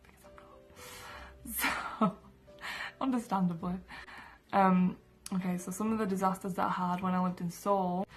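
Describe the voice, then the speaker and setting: A woman's voice: on the low side, flat delivery, moderate pace, pauses often, soft background music. A young woman from England, telling stories to camera in her room in a chatty way full of fillers. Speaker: vlogger. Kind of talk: casual storytelling to camera.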